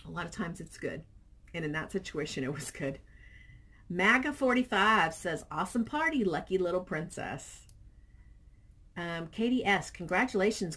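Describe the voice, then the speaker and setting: Animated, slightly husky woman vlogger. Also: on the low side. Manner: chatty, animated storytelling. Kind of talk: casual chat, reading viewer comments.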